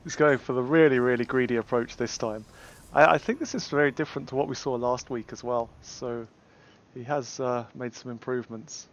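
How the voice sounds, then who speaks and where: A man's voice: mid-range voice, steady tone, fairly quick, lo-fi sound. A man with an English accent casting a game tournament casually, hesitant, with many fillers and restarts. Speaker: tournament caster.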